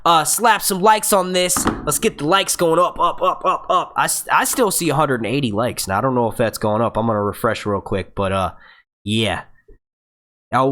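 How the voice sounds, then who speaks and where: A man's voice: a little high, a bit bright. A young man hosting a casual live stream, profane and hyped, stuttering and restarting often as he urges viewers on. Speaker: livestream host.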